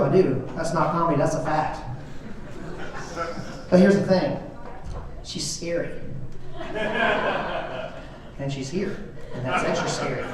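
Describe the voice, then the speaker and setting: A middle-aged man doing a self-deprecating stand-up comedy routine on a club stage, with a dry delivery. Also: a little high. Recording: echoey club from far off.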